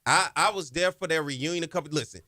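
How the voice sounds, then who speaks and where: A man's voice: on the high side, quick pace, bright, forceful tone, dry recording, clean studio sound. A man hosting a sports podcast interview, encouraging his guest with frequent affirmations and casual slang. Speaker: podcast host.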